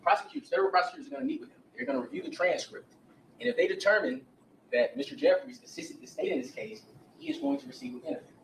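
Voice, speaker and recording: A man's voice: extremely high pitch, big pitch swings, racing, vocal fry, slight background noise. A man giving an opening statement to a jury as a defense attorney, speaking emphatically and turning to the jurors as he retells witness accounts. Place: courtroom. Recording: roomy courtroom audio from a distance.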